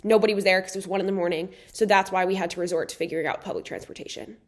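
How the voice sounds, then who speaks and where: A woman's voice: medium pitch, fairly even intonation, very fast. A woman in casual chat, cutting in to correct and fill in details of a shared story.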